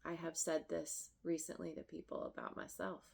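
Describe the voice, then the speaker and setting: A woman giving a tarot reading, emotional and effusive, often halting and restarting her sentences. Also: low-pitched, level tone, vocal fry, a little mellow, husky. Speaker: tarot reader.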